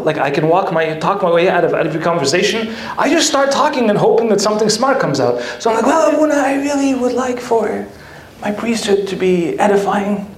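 A man's voice: sits high, echoey room. A male priest telling a funny story to an audience, self-mocking and often laughing. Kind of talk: humorous storytelling talk to an audience.

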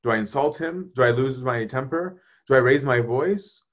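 Man, priest, conversational faith talk, animated, mid-pitched voice. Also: moderate pace. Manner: conversational, animated, often asks "right?". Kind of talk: casual talk on faith, answering questions.

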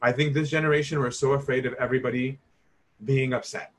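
A man's voice: mid-range voice, fairly even intonation, fast talker, a little hiss or hum. A man teaching scripture in a casual, conversational way, emphatic and informal, often asking "right?". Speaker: Bible teacher.

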